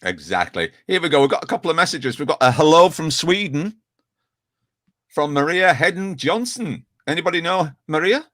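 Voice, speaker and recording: A man's voice: fairly high pitch, moderate pace, no echo, studio quality. A man hosting a chat show on a video call, reading out viewer messages and teasing his guests. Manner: lively, reads out viewer messages. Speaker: host.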